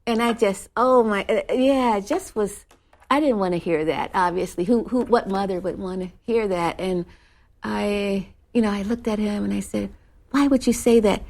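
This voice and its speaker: A woman's voice: mid-range voice, normal speed, creaky. Woman telling a story in an interview. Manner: animated anecdote-telling with frequent small laughs and restarts. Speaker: author and professor being interviewed.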